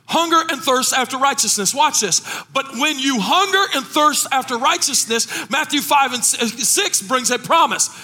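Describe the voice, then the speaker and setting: High, bright-voiced preaching man. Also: animated, moderate pace, hardly any pauses. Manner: impassioned preaching, rising into shouted sung cadences. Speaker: pastor. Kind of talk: sermon.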